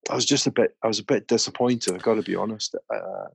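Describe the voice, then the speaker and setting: Very low-voiced chatty man. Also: quick pace, creaky, a little hiss or hum. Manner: chatty storyteller. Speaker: podcast host. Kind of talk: casual chat.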